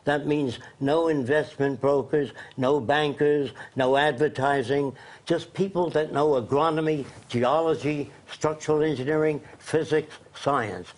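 Blunt male interview guest, emphatic lecturer, slightly high voice. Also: steady tone, a little slow.

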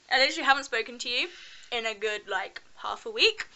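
A woman's voice: a little high, moderate pace, sharp tone, rough recording. A young woman chatting in a casual vlog, bubbly and giggly, filming herself at arm's length. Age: young adult. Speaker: vlogger.

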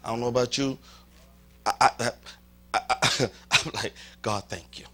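A male pastor with a Southern US accent preaching an animated sermon in a church, leading his congregation in call and response and dropping to a whisper at times. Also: mid-range voice, a little slow. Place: church sanctuary.

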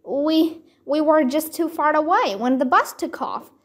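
A nervous young boy from a storybook who stammers and hesitates, as a woman reads him aloud. The voice is high and the delivery slow. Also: animated.

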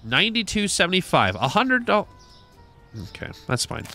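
A man's voice: high voice, big pitch swings, moderate pace, pushed and bright, faint music behind. A man narrating a shop game, chatting to customers in a cheery shopkeeper manner. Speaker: gaming YouTuber. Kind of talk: playful let's-play commentary.

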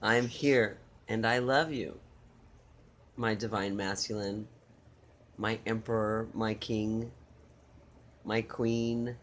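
A man reading channeled love messages in a soft, tender way, with repeated phrases and pauses. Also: on the low side, steady tone, a little hiss or hum. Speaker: spiritual reader.

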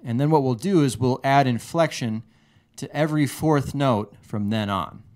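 A man teaching a guitar lesson, explaining a lick step by step in a measured way, often restarting his phrases. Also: medium pitch, a little mellow. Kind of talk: relaxed instructional explanation. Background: guitar playing.

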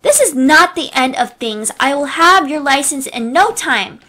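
A woman voicing a middle-aged entitled mother who yells indignant accusations. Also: high voice, lively intonation, measured pace, full character voice. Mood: furious.

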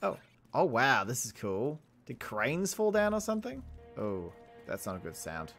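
A young man hosting a let's play, chatting excitably and joking at himself over the game. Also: mid-range voice, measured pace, faint music behind. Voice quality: chatty, excitable, self-mocking. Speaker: gaming channel host.

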